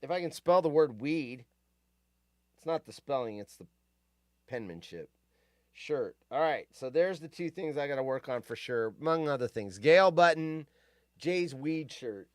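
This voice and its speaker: A man's voice: a little high, animated, unhurried, no room sound, studio quality. A man hosting a casual live stream, grumpy and profane, ranting and rambling.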